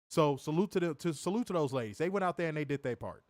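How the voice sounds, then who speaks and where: A man's voice: fairly high pitch, animated, fast talker, a little mellow, dry recording, studio quality. A man co-hosting a casual online show, talking bluntly with frequent swearing and reading viewer comments aloud. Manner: blunt, profane, reads chat comments aloud. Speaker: co-host of a wrestling review show. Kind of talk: casual chat.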